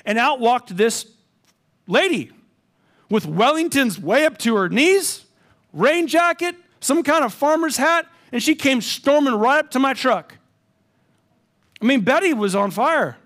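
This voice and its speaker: Animated pastor, high voice. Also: male voice, measured pace. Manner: animated, conversational, self-deprecating storytelling. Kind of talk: storytelling sermon.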